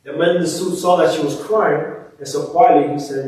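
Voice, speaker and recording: Brief: male preacher, slightly high, warm and mellow, storytelling sermon, roomy and distant. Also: a little fast. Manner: animated, swells up then drops to soft near-whispers. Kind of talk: sermon with scripture reading and storytelling. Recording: echoey church room, distant mic.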